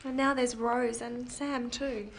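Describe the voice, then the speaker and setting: Brief: an affectionate, comforting young woman, higher pitch. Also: flat delivery, takes it slowly, gravelly, a little hiss or hum. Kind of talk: scripted drama dialogue.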